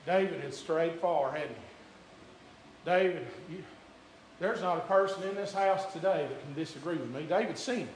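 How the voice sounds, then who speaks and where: A man preaching a sermon in a church, shouting in a chanting preaching cadence. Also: on the high side, normal speed, slight background noise. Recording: echoey church room.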